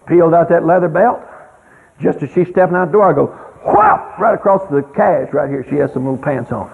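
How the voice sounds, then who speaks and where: An older man telling folksy stories with emphatic, sudden loud exclamations, heard on a tinny radio recording with long reverb. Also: on the high side, fairly quick, vocal fry. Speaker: speaker on child rearing. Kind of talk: storytelling talk.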